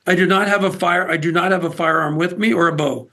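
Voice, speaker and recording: A man from Nebraska talks as a podcast guest in a relaxed, storytelling way. His voice sits high and carries a gravelly rasp. He restarts and repeats words often as he goes. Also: fast talker. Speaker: interview guest, outdoors TV host. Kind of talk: casual storytelling chat.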